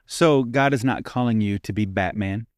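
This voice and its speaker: A man with a fairly low, clean-toned voice speaks at a moderate pace as a pastor co-hosting a faith podcast. Casual but earnest, he talks through a question and frequently adds "right?"; the studio recording has no room sound.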